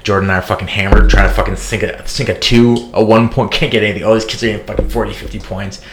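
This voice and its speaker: A man's voice: on the low side, fairly even intonation, fast talker, a little hiss or hum. A man in his thirties telling a long, rambling, profane story as a podcast co-host. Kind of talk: casual storytelling chat.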